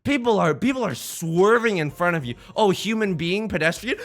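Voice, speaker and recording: A man's voice: high-pitched, lively intonation, fairly quick, hardly any pauses, a bit bright, soft background music. A young man from the United States giving casual, joking commentary while playing a game, rambling to himself and his viewers. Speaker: let's play host.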